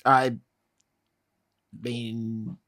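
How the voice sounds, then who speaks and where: A man's voice: medium pitch, little pitch movement, extremely slow, a bit bright, no room sound, studio quality. Laid-back man chiming in on podcast. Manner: brief agreeing replies, laid-back. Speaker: podcast co-host. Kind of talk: casual chat.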